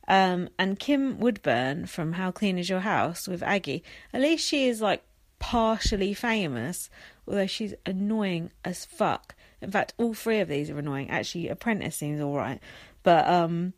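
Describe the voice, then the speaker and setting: A woman's voice: fairly low pitch, no room sound. A young woman hosting a podcast, ranting about a reality show with constant swearing and sarcastic, mocking asides. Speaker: podcast host. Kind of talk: profane reality-TV recap rant.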